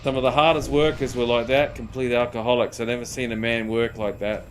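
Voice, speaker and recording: A man's voice: mid-range voice, little pitch movement, a little fast, a little hiss or hum. A young man, chatting casually while gaming, rambling through stories, swearing often and calling his listeners "mate". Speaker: gaming streamer.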